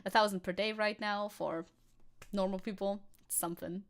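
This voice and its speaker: A woman's voice: medium pitch, moderate pace, gravelly. A young woman streaming casually, reading news aloud and reacting with chatty, giggly asides.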